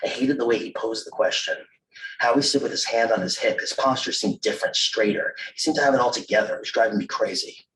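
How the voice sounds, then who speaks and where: A man's voice: fairly low pitch, fairly bright tone, slight background noise. Man reading memoir in a roomy hall. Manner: measured, wry delivery with self-amused asides. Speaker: author reading his memoir. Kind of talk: live literary reading of memoir prose. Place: reading event room. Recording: roomy, distant mic at a live reading.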